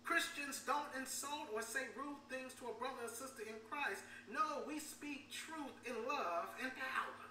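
A woman's voice: high-pitched, measured pace, hardly any pauses, pushed and bright. A woman pastor preaching a sermon in a church, often repeating her words and calling out for amens from the congregation. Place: church sanctuary. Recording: echoey room, distant mic, faint hum.

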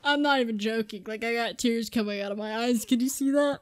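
A woman's voice: sits high, quick pace, hardly any pauses, a bit bright, no echo. A young woman commentating a horror game let's play for her viewers, jumpy, swearing and laughing at her own fear. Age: young adult. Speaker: gaming YouTuber.

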